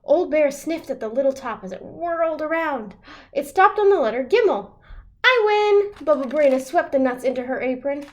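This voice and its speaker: A woman librarian reading a picture book aloud to children in an expressive, animated way over a video call. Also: sits high, fairly quick.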